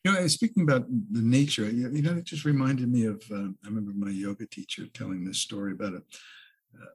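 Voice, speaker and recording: Husky man musing in casual talk. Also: medium pitch, a little fast, darkish tone. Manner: thoughtful, playful, makes animal noises. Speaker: podcast co-host. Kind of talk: casual reflective conversation.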